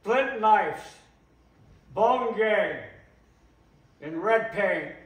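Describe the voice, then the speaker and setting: A man giving an impassioned public talk, slow and emphatic, repeating phrases for weight. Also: high voice, animated. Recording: echoey room, voice from a distance.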